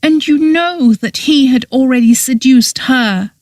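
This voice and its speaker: A woman's voice: high voice, measured pace, no echo, pitched above the performer's own voice. A woman voicing a tearful, pleading young woman. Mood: insistent. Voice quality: small, wavering voice. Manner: pleading, near tears, rising to a wail. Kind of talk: audiobook character voice.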